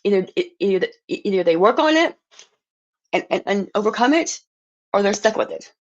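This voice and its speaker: A woman's voice: medium pitch, big pitch swings, fairly quick, muffled recording. A woman livestreaming an angry, profane rant, stumbling and restarting words as she gets heated.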